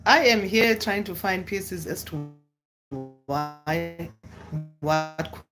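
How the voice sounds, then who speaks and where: Young woman vlogging, lowish voice, big dramatic jumps up when she exclaims. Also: very slow, over loud music. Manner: animated, dramatic, with sudden high exclamations. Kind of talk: casual storytelling to camera.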